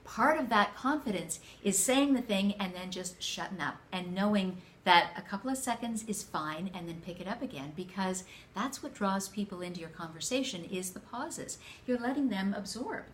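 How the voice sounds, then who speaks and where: A middle-aged woman co-hosting a business show, giving advice in a lively, laughing, coaching tone. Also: medium pitch, normal speed, few pauses, a little hiss or hum. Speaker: co-host. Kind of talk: casual chat.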